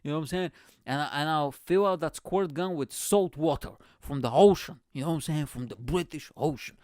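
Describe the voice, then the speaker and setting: A man from Bulgaria hosts a podcast, delivering a rambling, profane, high-energy comedic monologue. His voice is a little high with a darkish tone and a fairly quick pace, recorded in studio quality with no echo.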